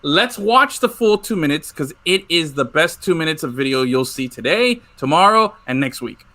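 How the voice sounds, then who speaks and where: An excitable man hosting a casual sports talk show, his voice slightly high and bright. He gushes and riffs loosely, peppering his talk with "bro". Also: normal speed. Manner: excitable, says "bro" a lot. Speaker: host.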